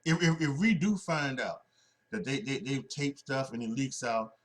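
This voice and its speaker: A man's voice: mid-range voice, moderate pace. Rambling man hosting a wrestling podcast. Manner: rambling, many restarts and fillers. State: sleepy, yawning. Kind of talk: casual solo podcast talk.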